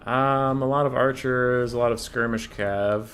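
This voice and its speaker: Here a young streamer calls his own strategy game match in a steady, unhurried, slightly bright voice of medium pitch. He's profane and sarcastic, occasionally shouting at his units, while faint game music runs behind.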